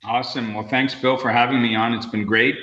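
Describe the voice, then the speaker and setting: A man's voice: medium pitch, fairly even intonation, fairly quick, bright, forceful tone, roomy sound, dull audio. A man speaking as a podcast guest in casual interview talk, rambling with lots of fillers and restarts. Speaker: podcast guest, real estate investor.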